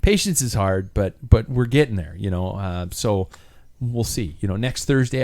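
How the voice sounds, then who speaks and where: A man's voice: lowish voice, expressive, normal speed, dark tone. A man hosting a casual cycling chat, telling a rambling story with many restarts and fillers. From United States.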